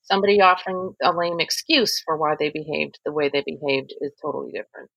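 Gravelly, husky low-voiced woman. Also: quick pace, a bit bright, no echo. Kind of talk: casual chat. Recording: dull lo-fi sound.

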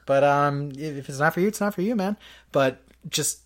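A man co-hosting a video game podcast, laid-back and quick to laugh, with casual swearing. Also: on the high side. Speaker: podcast co-host. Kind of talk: casual chat.

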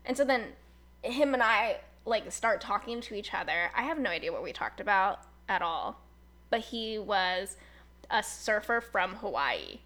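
A woman's voice: mid-range voice, measured pace. Chatty young woman telling a story. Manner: chatty, fillers like "like", animated retelling with quoted voices. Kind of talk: casual storytelling chat.

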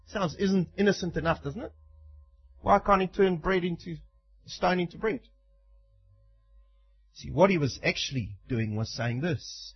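A man's voice: high voice, very animated, moderate pace, husky, lo-fi sound. A man preaching a sermon in an emphatic way, acting out the quoted lines.

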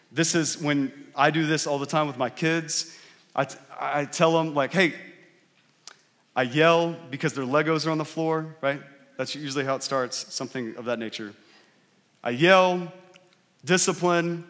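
A mid-range, fairly bright voice belongs to a pastor in his thirties delivering a conversational sermon. He often turns to the congregation with "right?", and the sound has a long hall reverb.

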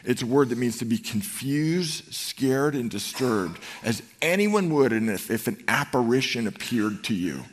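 A man's voice: medium pitch, unhurried, hardly any pauses, slight background noise. A man in his fifties preaching a sermon to a congregation, telling stories and acting out the scenes in them. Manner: animated storytelling, acts out scenes. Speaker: pastor. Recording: long hall reverb.

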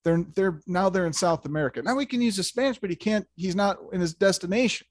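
Male host, animated storyteller who stammers and restarts, dry close mic. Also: high-pitched, quick pace, no echo. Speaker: podcast host. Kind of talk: casual interview chat.

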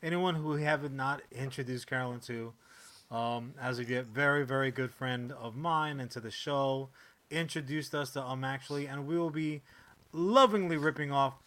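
Bright-toned laid-back podcast man. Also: medium pitch, normal speed. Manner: laid-back, loud hype in ad reads. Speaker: podcast co-host. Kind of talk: casual chat and sponsor reads.

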